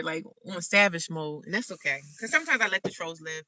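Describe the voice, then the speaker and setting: A woman's voice: on the low side, animated, brisk, bright, forceful tone, no room sound, recorded from a distance. A woman vlogger from the United States chatting sassily to her viewers from inside her car, calling them honey and girl. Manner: sassy and chatty, calls listeners honey and girl. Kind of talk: casual chat to a live chat.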